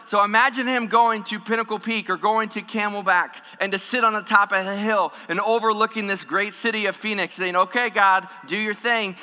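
Male pastor, sermon, bright ringing voice, fairly high, long hall echo. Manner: animated, humorous, acts out scripture voices.

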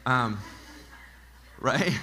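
A man preaching a sermon as pastor to a congregation, animated and mixing in joking asides. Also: medium pitch, drawn-out words. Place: church in front of a congregation.

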